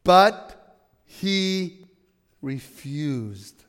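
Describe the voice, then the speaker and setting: A man's voice: on the high side, lively intonation, very slow, a bit bright, clear, resonant tone, long reverb tail. A man preaching a sermon to his congregation, emphatic and often asking them questions. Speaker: pastor. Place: church.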